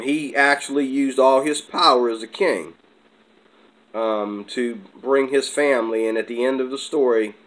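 A man's voice: lowish voice, poor audio. A man ranting on his own video channel, agitated and combative, jumping from point to point. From America. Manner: agitated, combative, jumps between topics. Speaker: channel host. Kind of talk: heated vlog rant.

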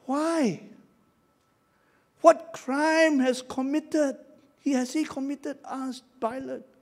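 Older pastor, high lively voice, slow dramatic delivery, leads crowd responses. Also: male voice. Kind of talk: sermon.

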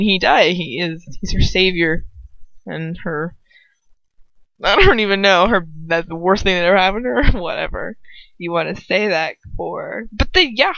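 A woman's voice: medium pitch, a bit bright, dry recording. Chatty young woman, giggly and sweary, rambling aside; dry, slightly muffled home recording. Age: young adult. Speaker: fanfiction reader. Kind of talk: casual rambling aside during a reading.

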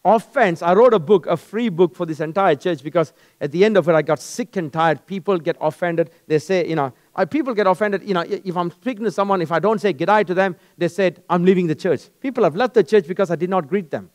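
A male pastor preaching a sermon in an animated, storytelling way. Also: high voice, brisk, few pauses. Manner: animated, storytelling, acts out dialogues.

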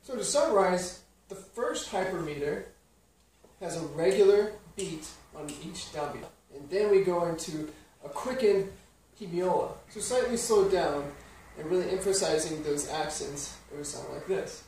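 Piano is playing as a man with a high-sitting, slightly mellow voice gives an instructional lesson at a moderate pace. He patiently walks through rhythm patterns and counts beats out loud, recorded from a distant mic in a spacious studio.

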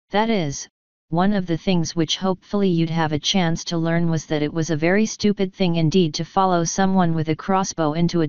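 A woman reading a fantasy novel aloud in a slow, even storytelling manner. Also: fairly low pitch, clean tone, no echo, dull audio. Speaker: audiobook reader. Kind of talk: scripted narration.

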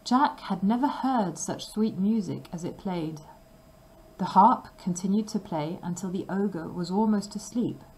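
A woman narrating a fairy tale for language learners with clear, measured reading. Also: medium pitch, a little mellow, low-quality recording. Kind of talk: scripted storybook narration.

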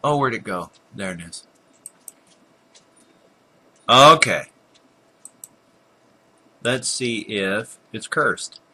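Husky and on the low side, his voice has lively intonation and a sharp tone, with drawn-out words and frequent pauses. An older man providing gameplay commentary, he chats casually through a computer game, muttering at monsters and repeatedly apologizing for yawning.

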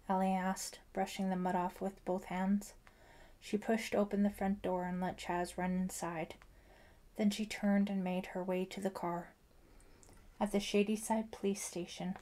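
A woman narrating a suspense novel as an audiobook, in a measured, even storytelling manner. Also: mid-range voice. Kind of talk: scripted narration.

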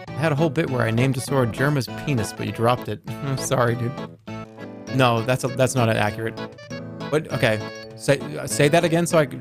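A man streaming a game, chatting casually and joking as he reacts out loud to what happens. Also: medium pitch. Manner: playful, jokey, reacts out loud, swears. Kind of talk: casual live-stream gameplay commentary.

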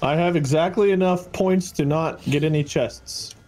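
A man's voice: a little high, normal speed, a little mellow, soft background music. Dry-humored man in a gaming chat. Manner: dry, wry remarks, encouraging teammates. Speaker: co-host playing a co-op game.

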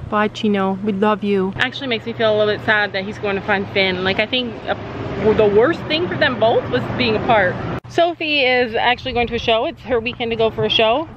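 A chatty middle-aged woman with a fairly high voice talks to her viewers outdoors by the stables, cooing gently at the horses. Her voice comes through a noisy outdoor recording with steady background hiss and passing sound. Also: fairly quick, dull audio. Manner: chatty, coos soothingly at horses. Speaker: vlogger, mother at a horse barn. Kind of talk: casual family vlog chat.

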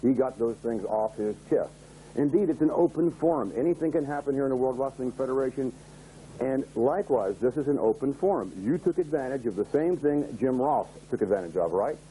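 A man answering questions on a live studio show, firm and measured. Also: medium pitch, lively intonation, mellow, slight background noise, low-quality recording. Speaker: wrestling company chairman.

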